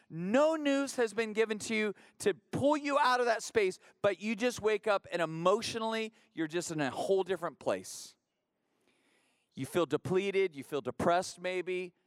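High-voiced man preaching a sermon. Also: a little slow, smooth, no echo, clean studio sound. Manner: conversational, repeats words, rhythmic call-and-response build. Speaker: pastor. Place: church.

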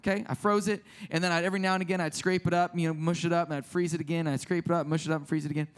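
High-voiced man preaching casually. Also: flat delivery, rapid-fire, smooth. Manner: conversational, self-deprecating storytelling with many restarts; drops to a soft hushed voice in prayer. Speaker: pastor. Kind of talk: sermon.

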